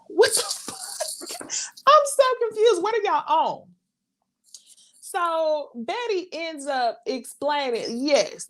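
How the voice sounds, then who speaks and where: A woman's voice: mid-range voice, darkish tone. A woman hosting a casual live recap, chatty and exasperated, talking straight to her viewers. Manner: breaks into laughter and brief mimicry of others. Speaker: reality TV recap host.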